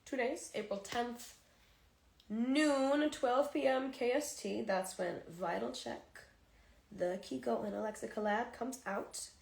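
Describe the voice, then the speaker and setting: On a relaxed livestream, a tearful woman speaks candidly to her fans through a phone, sighing often as her emotions show. Her voice is on the high side and a little mellow, with vocal fry and a slow pace, all in a roomy, echoing space.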